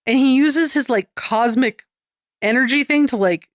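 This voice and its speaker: A woman's voice: high-pitched, moderate pace, no echo, studio quality. A woman co-hosting a comic-book podcast in casual chat, blunt and sarcastic, swearing and saying "like" a lot. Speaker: podcast co-host.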